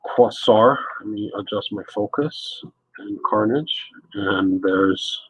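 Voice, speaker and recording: A man's voice: fairly low pitch, lo-fi sound. A man live-streaming his art, chatting casually and joking with his chat as he works. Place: home art studio.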